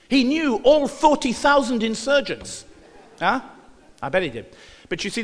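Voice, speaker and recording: A man's voice: on the high side, a bit bright, in a large hall. A man giving a lecture, reading newspaper passages aloud and breaking in with dry, sarcastic asides.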